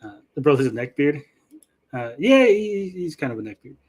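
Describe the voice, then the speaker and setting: Speaking at a moderate pace in a slightly rough voice on the high side, a middle-aged man hosts a relaxed podcast. He tells a story full of swearing and acts out the quotes with animation.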